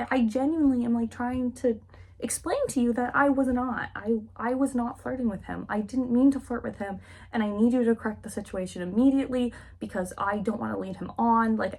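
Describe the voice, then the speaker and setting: A woman voicing a naive, flustered young heroine, talking in an earnest, halting way while recapping a novel. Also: a little high, creaky, a little mellow, slightly rough, voice pushed up. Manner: earnest, flustered, repeating herself.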